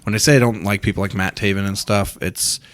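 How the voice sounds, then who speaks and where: A man's voice: on the low side, steady tone, fast. A man co-hosting a casual podcast chat, explaining his views firmly and at length.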